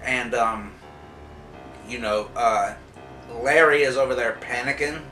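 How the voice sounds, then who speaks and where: Speaking slowly in a mid-range voice, this man sounds bright and forceful as he reviews a TV episode. His spoiler-filled recap rambles along profanely, packed with "like" and "uh." Faint music plays in an echoey room, picked up by a far-off microphone.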